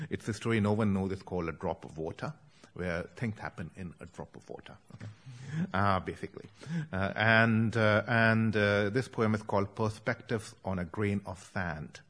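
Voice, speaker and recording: Husky-voiced Indian man reading poetry. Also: on the low side, fairly bright tone. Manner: measured, deliberate reading cadence. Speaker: poet.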